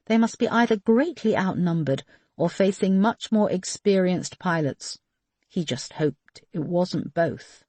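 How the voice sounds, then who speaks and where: A woman narrating a thriller audiobook in a steady storytelling manner. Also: lowish voice, no room sound. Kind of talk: scripted narration.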